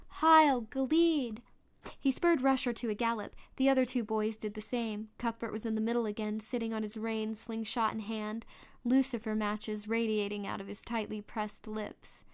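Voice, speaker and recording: Clear, smooth-voiced woman reading a story. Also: on the high side. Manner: reads steadily with small restarts. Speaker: audiobook reader. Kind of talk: storybook narration.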